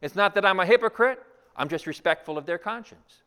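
A male pastor delivers a sermon in a slightly raised voice, pressing his point with rhetorical questions and repeated phrases. He moves between loud emphasis and near-whispered asides. A long hall reverb trails every phrase. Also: high-pitched, lively intonation, a little fast, clean tone. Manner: repeats key lines, asks rhetorical questions, swings from loud to hushed.

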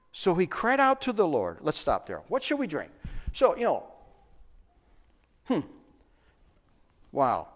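Lively man preaching in an echoing hall. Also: on the high side, measured pace, pauses often. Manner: lively, questioning the congregation. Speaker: pastor. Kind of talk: sermon. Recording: long reverb of a large hall.

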